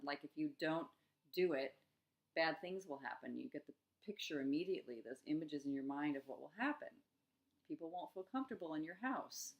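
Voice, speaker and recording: A middle-aged woman coaching on eating struggles in a gentle, musing self-help talk, with soft laughs between thoughts. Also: deep voice, highs cut off.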